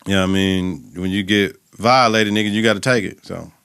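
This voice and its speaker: Animated, profane man recapping a TV episode. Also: deep voice, fairly quick, vocal fry, smooth. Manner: animated and profane, acts out scenes. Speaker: podcast host.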